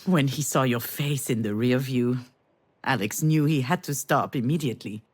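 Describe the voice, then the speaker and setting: An actress playing a weary middle-aged mother who tells a family memory softly and intimately in a video game. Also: a bass voice, normal speed, husky. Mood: tender. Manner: soft, intimate storytelling. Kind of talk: game voice acting.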